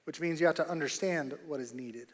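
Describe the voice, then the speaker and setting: A man preaching a sermon as pastor, emphatic and repetitive, rising to loud bursts on key points. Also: fairly high pitch, brisk, long reverb tail. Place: church auditorium.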